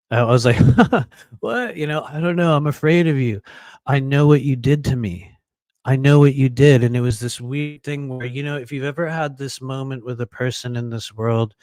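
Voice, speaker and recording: A man telling a long personal story in a casual monologue, rambling and filling pauses with "you know" and frequent laughs. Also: mid-range voice, darkish tone, dry recording. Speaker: podcast host telling a story.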